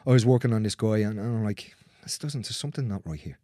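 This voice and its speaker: A man's voice: lowish voice, fast talker, mellow, no room sound, studio quality. A man working as a manual therapist, telling stories about clients in a casual conversation, blunt and swearing freely as he acts out what people said.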